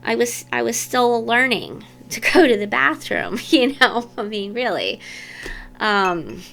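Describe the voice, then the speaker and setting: A woman's voice: a little high, animated, slow, gravelly, fairly bright tone, a little hiss or hum. A woman vlogger telling personal childhood stories to camera in a candid, meandering way. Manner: candid, meandering, self-interrupting.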